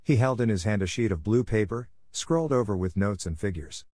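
A man narrates a classic story in a steady, measured way. His voice sits low and the recording is dry and close. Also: no room sound. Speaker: audiobook narrator. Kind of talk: scripted narration.

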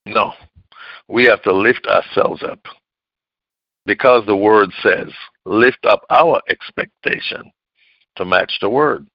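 A man preaching a sermon emphatically, swinging from loud outbursts to low, hushed lines. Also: gravelly, dry recording, muffled recording.

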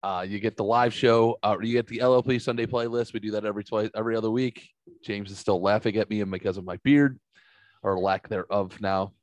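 A man's voice: on the low side, fairly even intonation, brisk, no echo. Self-mocking, rambling podcast host man. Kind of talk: casual profane podcast chat.

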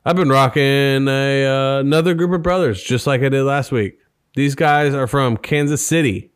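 A man's voice: mid-range voice, normal speed, smooth, no room sound, clean studio sound. A man co-hosting a casual podcast, chatting in joking, profane banter. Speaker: podcast co-host. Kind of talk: casual chat.

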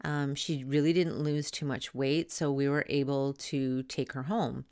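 A woman's voice: very deep voice, steady tone, a little slow, a little mellow, clear, resonant tone, no echo, studio quality. A woman in her thirties, a doula hosting a podcast, telling her own birth story in a candid, chatty and blunt way. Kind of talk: casual personal storytelling.

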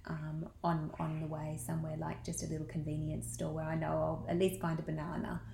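Middle-aged woman, low gravelly voice, chatty and practical, echoey room. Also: completely flat delivery, noisy background. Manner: chatty, practical, quick asides. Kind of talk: casual chat.

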